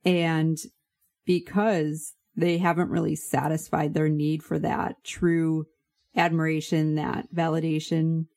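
A woman's voice: low-pitched, level tone, takes it slowly, creaky, darkish tone. A woman co-hosting a podcast, talking earnestly and giving advice in casual chat. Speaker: podcast co-host.

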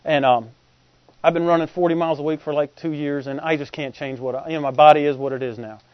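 A man's voice: a little high, fairly even intonation, quick pace, no echo, muffled recording. A middle-aged man, preaching a sermon in a folksy, conversational way and often asking the congregation if they follow. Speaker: pastor.

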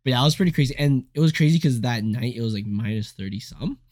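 A man's voice: mid-range voice, fast talker, no echo, clean studio sound. Young man telling stories animatedly. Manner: animated storyteller, filler-heavy, swears freely. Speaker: co-host. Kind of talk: casual podcast chat.

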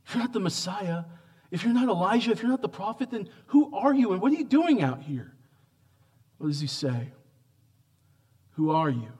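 Pastor, male, slightly higher voice, preaches with rhetorical questions and big swings from quiet to forceful. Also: lively intonation, normal speed. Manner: dynamic, swings from hushed to emphatic. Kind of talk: sermon.

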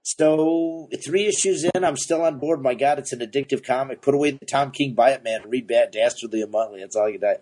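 A man co-hosting a casual comics podcast, excitable and profane, laughing often. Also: medium pitch, brisk, few pauses. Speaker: podcast co-host, comic shop owner. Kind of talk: casual chat about comics.

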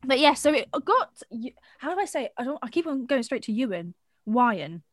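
A young woman co-hosting a podcast, chatty and quick to giggle. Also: high voice, lively intonation, no room sound, studio quality. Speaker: podcast co-host. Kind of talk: casual chat.

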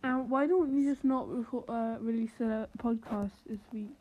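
A woman's voice: on the high side, moderate pace, mellow, a little hiss or hum. A young woman cohosting a casual podcast over a video call, dry and sarcastic.

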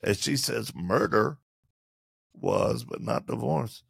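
A man, an interview guest, telling candid and humorous stories in conversation and acting out quotes in lively voices. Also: medium pitch, slow pace, vocal fry, husky, dry recording, studio quality. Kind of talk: animated storytelling in conversation.

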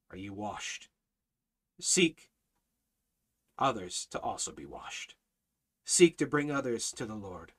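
Preaching with fire, a man leads a Bible study in a fairly high-pitched voice, driving each point with repetition until he's nearly shouting.

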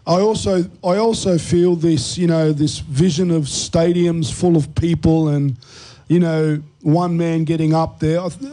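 A man's voice: fairly high pitch, mellow, rough recording. A man hosting a Christian talk show discussion, explaining in an earnest teaching tone.

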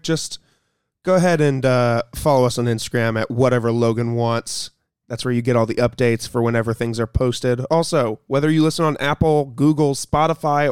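Young male podcast host, smooth mid voice, dry close mic, loose filler-heavy chat. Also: medium pitch, no room sound. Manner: relaxed, filler-heavy, laughs easily.

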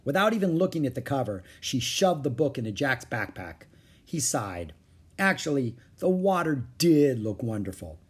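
Reading a children's storybook aloud, a husky-voiced man narrates at moderate pitch and a moderate pace. Each sentence carries expressive rises and falls, giving the audiobook a lively feel.

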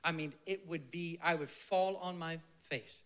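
A preacher delivering a sermon in a somewhat higher voice, full of fervent conviction. He drives his points home with loud emphatic bursts, then drops to a soft, breathy near-whisper. He leads the listeners in prayer with slow, reverent phrasing.

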